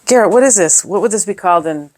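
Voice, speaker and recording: Here the scrapbooking reviewer is animated and fast, her mid-range voice a little mellow on a dry recording. She chats through the unboxing casually, raving about each piece and thinking out loud with plenty of fillers.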